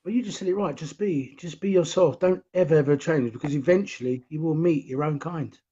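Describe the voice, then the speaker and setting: An easygoing man with a London accent chats as a guest over a video call. His voice is husky and a touch high for a man. The call audio is dull and lo-fi. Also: fairly quick, warm tone. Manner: easygoing, jokey. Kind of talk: casual interview on a video call.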